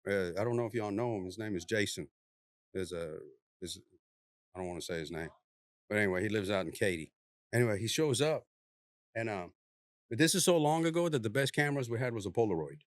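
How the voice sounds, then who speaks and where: A police officer telling a story in casual conversation, laid-back and drawling, lively as he acts out the people in it. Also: fairly low pitch, fairly quick, long pauses, no room sound, studio quality. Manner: animated, acts out the people he quotes in a raised voice.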